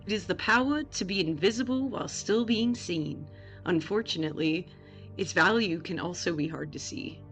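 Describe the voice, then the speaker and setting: A woman's voice: fairly low pitch, moderate pace, fairly bright tone, soft background music. A woman putting on an exaggerated Southern US twang to play a folksy Southern woman reading aloud. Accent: Southern US, put on. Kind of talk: reading aloud in a put-on accent.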